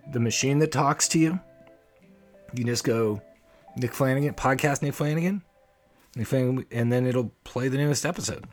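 A man hosting a solo comedic podcast, talking in a wry, rambling, self-deprecating way. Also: mid-range voice. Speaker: podcast host. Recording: faint music playing behind. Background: soft background music.

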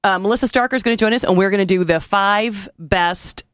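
Mid-pitched chatty co-host on a podcast, laughs easy, dry close sound. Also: fairly quick, a bit bright, clean tone, dry recording. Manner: chatty, laughs easily, with fillers. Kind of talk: casual chat.

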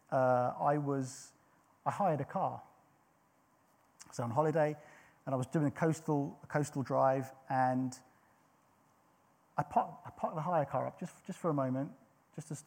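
A man's voice: mid-range voice, vocal fry, darkish tone, husky. A middle-aged man preaching a sermon, telling a personal story in an earnest way with frequent restarts.

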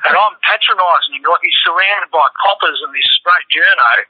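A man's voice: on the high side, moderate pace, highs cut off. A middle-aged Australian man, a news cameraman, telling wild anecdotes as a podcast guest in a colourful, profane, slang-heavy way.

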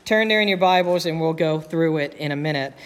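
A man's voice: on the high side, brisk, slight background noise. A male pastor preaching a sermon in a folksy, storytelling way, acting out the voices in his anecdotes. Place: church sanctuary. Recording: long church reverb.

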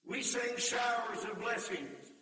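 An older preacher with a very high, bright, ringing voice, heard from a distance in an echoing hall with a long reverb. He tells his story with feeling, slips into singing hymn lines and rises to shouted appeals. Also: steady tone, takes it slowly. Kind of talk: camp meeting sermon. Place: large meeting hall or tabernacle. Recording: echoey hall, voice from far off.

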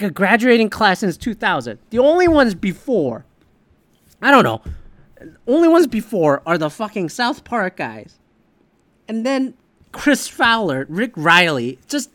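A man's voice: very high voice, dry recording. A man hosting a podcast, delivering a heated, profane, opinionated sports rant in casual talk. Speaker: podcast host.

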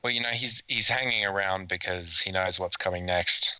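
Guy on a podcast with a low-ish voice, super bright and cutting, lively pitch, dry quips. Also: normal speed, clear, resonant tone, dry recording, rough recording. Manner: dry, joking asides. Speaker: podcast co-host. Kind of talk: casual chat. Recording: dry close sound.

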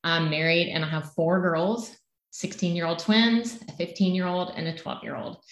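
A woman's voice: on the low side, a bit bright. A middle-aged woman with a Southern American accent, earnestly co-hosting a health podcast and sharing her own story. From South Carolina. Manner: earnest, emphatic declarations. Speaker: health coach co-host. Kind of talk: podcast introduction and personal story. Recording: echoey room.

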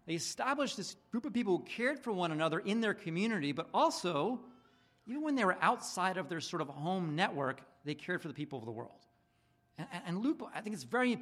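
A man preaching in a loose, conversational way, stumbling over his words and restarting often. His voice sits high for a man and swings widely in pitch as he acts out little exchanges between people. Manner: casual, rambling preaching with many restarts and fillers; acts out dialogue in animated voices. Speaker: pastor. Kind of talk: sermon.

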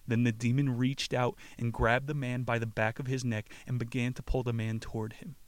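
A man's voice: medium pitch, little pitch movement, a little fast, hardly any pauses. A man hosting a podcast, retelling a book casually with swearing, jokes and frequent laughs. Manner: profane, joking, laughs often. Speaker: podcast host. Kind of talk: casual book-summary talk.

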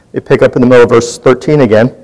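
A man's voice: medium pitch, darkish tone, low-quality recording. A man leading a Bible study, teaching in a conversational way and putting questions to his group.

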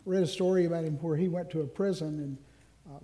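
A male minister delivers an earnest sermon in a high, mellow voice. He draws out the phrases that matter most and drops in the odd self-deprecating aside. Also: steady tone. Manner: earnest, slows down on key phrases. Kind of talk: Ash Wednesday sermon.

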